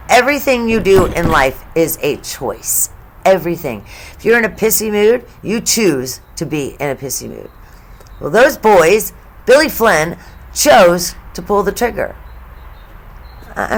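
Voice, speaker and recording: A woman's voice: fairly low pitch, fairly bright tone, a little hiss or hum. A woman in her fifties hosting her own true crime channel, giving blunt, opinionated commentary with swearing and chuckles at grim details. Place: home studio.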